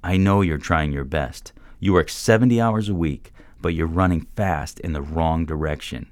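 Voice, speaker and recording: A man's voice: a bass voice, moderate pace, darkish tone, dry recording, studio quality. A man voicing an intense older mentor who pushes a younger man with drilling, pressing questions. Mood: pressing, forceful.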